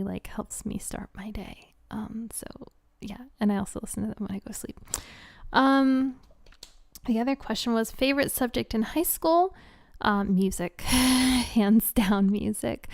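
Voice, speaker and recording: A woman chatting casually on a live stream, answering viewer questions. She speaks softly, drifts into whispers, giggles often, and fills her talk with "um" and "like.". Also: mid-range voice, creaky, no echo, studio quality. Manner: soft-spoken, drifts into whispers, many "um" and "like" fillers, giggly.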